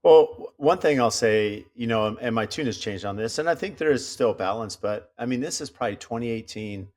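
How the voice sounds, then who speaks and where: A man who builds homes, a guest on a podcast, talking in casual chat in a measured, reflective way. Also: mid-range voice, animated, a little mellow.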